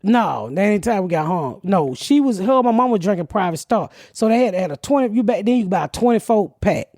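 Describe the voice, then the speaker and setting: A woman in her fifties, a podcast host, telling profane stories with loud laughter. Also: mid-range voice, lively intonation, a little fast, dry recording, clean studio sound. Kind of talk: casual storytelling chat.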